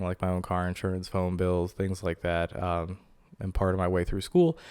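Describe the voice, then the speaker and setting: A man's voice: sits low, darkish tone. A young man hosting a podcast, telling a rambling, profane, jokey story about himself in casual talk. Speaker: podcast host.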